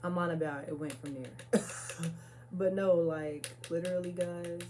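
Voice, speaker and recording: Chatty, profane young woman with a lowish voice. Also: steady tone, measured pace, a little mellow, slight background noise. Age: young adult. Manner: chatty, profane, lots of "like" and "y'all"; nervous laugher. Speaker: vlogger. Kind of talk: casual story time.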